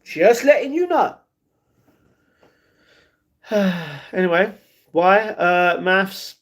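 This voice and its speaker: In a casual livestream chat, a young man speaks extremely slowly in a high-pitched voice with lively intonation. He reads his chat aloud and answers it, often saying "you know what I mean."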